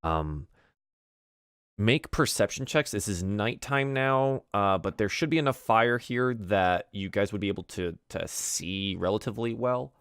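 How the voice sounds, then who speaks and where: A man's voice: lowish voice, lively intonation, measured pace, fairly bright tone, clear, resonant tone, dry recording, clean studio sound. A man narrating as game master of a tabletop game, rambling and full of fillers and restarts.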